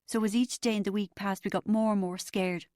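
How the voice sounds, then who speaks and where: A woman's voice: mid-range voice, fairly even intonation, brisk, a little mellow, dry recording, studio quality, lightly acted. A woman reading the part of a distraught man in rehab, stammering and anguished as he denies the truth. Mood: pained.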